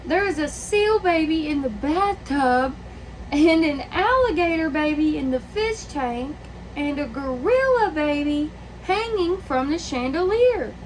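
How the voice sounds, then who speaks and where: A woman's voice: high-pitched, expressive, measured pace, a little hiss or hum. A woman voicing a flustered, exasperated father in a picture book.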